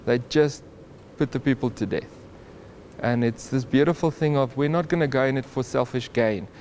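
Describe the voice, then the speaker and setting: A man's voice: mid-range voice, moderate pace, slight background noise. Man retelling a Bible story with animation. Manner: animated storytelling with chuckles and restarts. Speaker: Bible teacher.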